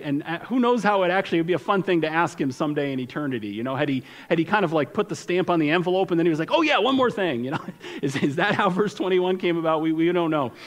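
Guy preaching, kinda high voice, chatty, repeats stuff, long echo off the church walls. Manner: conversational, repeats phrases for emphasis, drops softly at key lines. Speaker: pastor. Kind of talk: sermon. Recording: long hall reverb.

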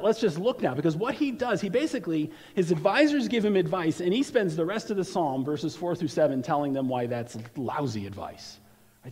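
This pastor's sermon comes in a slightly high, darkish voice with a breathy edge. He talks conversationally and frequently doubles a word at the start of a phrase. The church sanctuary gives it the long reverb of a big hall.

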